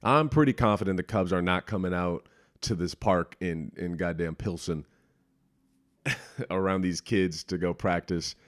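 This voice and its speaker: A man's voice: low voice, a little slow, no echo, clean studio sound. A young man talking in a casual solo podcast from his apartment, rambling and self-deprecating, swearing freely and restarting his sentences. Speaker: podcast host. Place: small apartment room.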